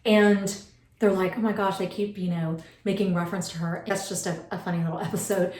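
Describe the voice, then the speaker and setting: A woman's voice: medium pitch, fairly even intonation, a little fast, a little mellow. A woman in her forties giving beauty tips in a casual, rambling vlog, full of fillers and asides. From United States. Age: 40s. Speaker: beauty vlogger. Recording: roomy, mic some distance away.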